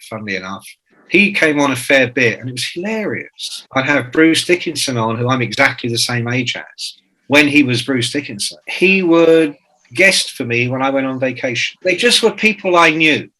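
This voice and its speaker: Man, 60s, bright voice, jokey and profane, interview anecdotes. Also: mid-range voice, low-quality recording. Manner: profane, jokey storyteller who acts out quotes. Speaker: author and guest.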